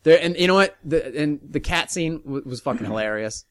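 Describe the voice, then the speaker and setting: A man's voice: on the high side, expressive, a little fast. A man hosting a casual podcast, rambling and restarting his sentences as he talks about movies and reads sponsor promos. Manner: rambling, self-interrupting, reads promos aloud. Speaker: podcast host. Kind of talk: casual chat.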